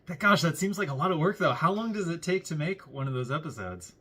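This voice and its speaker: A man hosting a casual interview, curious and firing off quick follow-up questions. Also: fairly high pitch, lively intonation, pushed and bright, breathy edge. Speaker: interviewer, host.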